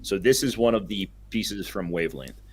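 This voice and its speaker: A young man co-hosting a casual podcast, chatting enthusiastically and rambling a little, quick to laugh. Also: sits low, a little hiss or hum. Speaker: podcast co-host.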